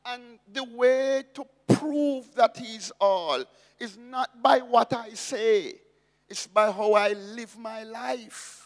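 High-voiced preaching pastor, slow and emphatic. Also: male voice, long reverb tail. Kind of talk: sermon.

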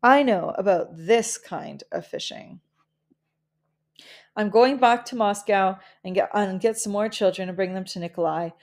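A woman reading the part of a steady older boy who directs the other children, in a calm, commanding way. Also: mid-range voice, measured pace, close to an everyday voice.

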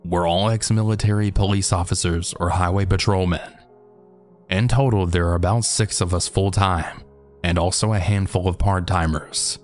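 A man narrating an animated horror story in a steady, matter-of-fact way. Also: deep voice, normal speed, faint music behind.

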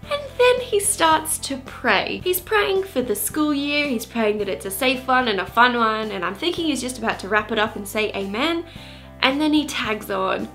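Woman telling a lively school story. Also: on the high side, moderate pace, soft background music. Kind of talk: personal storytelling.

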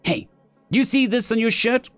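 A man's voice: extremely high pitch, expressive, moderate pace, no room sound, soft background music, pitched above the performer's own voice. A man voicing a brash, foul-mouthed small woman general who talks bluntly and scolds. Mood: scolding.

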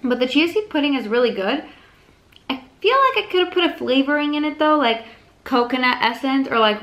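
A woman's voice: fairly high pitch, sharp tone. Chatty, joking young woman vlogger. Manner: jokey, self-mocking, chatty. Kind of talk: casual vlog voice-over. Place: home kitchen.

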